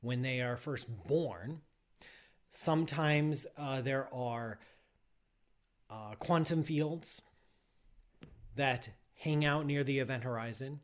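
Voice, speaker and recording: A man's voice: mid-range voice, slow pace, pauses often. A middle-aged man hosting a podcast, answering listener questions in casual, rambling chat with teasing asides.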